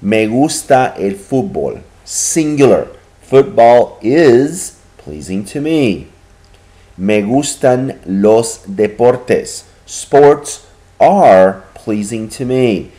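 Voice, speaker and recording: A man teaching a recorded grammar lesson, explaining patiently and slowing down to repeat each example. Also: mid-range voice, expressive, mellow. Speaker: Spanish teacher.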